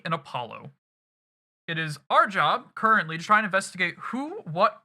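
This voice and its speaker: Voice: mid-range voice, bright, forceful tone. A streamer recapping a game to chat in a loose, rambling, casual way with some swearing.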